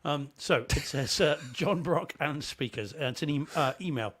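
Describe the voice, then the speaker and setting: A man's voice: fairly high pitch, lively intonation, moderate pace, a bit bright, breathy edge. An English man with a mid-range voice co-hosts a casual chat show. He reads listener mail in an easygoing way and chuckles as he talks. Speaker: podcast co-host.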